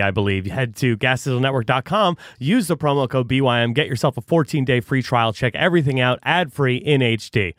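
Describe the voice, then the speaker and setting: A man's voice: medium pitch, fairly bright tone, no room sound. A young man co-hosting a podcast, easygoing and dry, reading promo plugs in casual chat. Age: young adult. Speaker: podcast co-host and producer.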